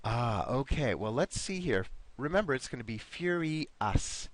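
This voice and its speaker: A man's voice: medium pitch, big pitch swings, measured pace. A man teaching an online English vocabulary class, patiently repeating words and encouraging his students.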